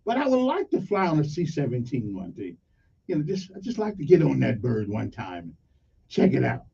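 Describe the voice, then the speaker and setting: A man hosting a morning radio talk show, rambling casually through shout-outs to local crews. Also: mid-range voice, huge pitch swings, brisk, gravelly, breathy edge, far from the mic. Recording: dull lo-fi sound, slightly off-mic.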